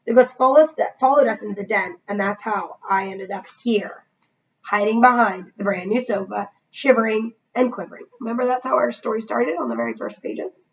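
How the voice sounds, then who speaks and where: Woman teacher reading aloud to kids, expressive, fairly high voice, muffled and off-mic. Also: brisk, vocal fry. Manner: expressive, asking listeners questions. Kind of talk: children's read-aloud.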